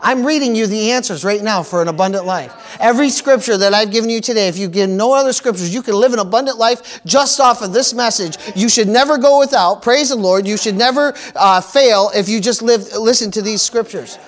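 A pastor with a notably high voice delivers a sermon to his congregation. He works in call-and-response, tossing out amens and praise-the-Lords and hammering his points by repeating phrases. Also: brisk, hardly any pauses.

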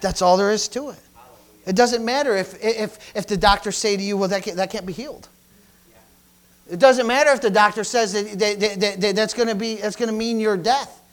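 Fervent high-voiced male preacher. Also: fairly even intonation, brisk. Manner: fervent, shouting preaching with repeated hallelujahs. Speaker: pastor. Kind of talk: sermon.

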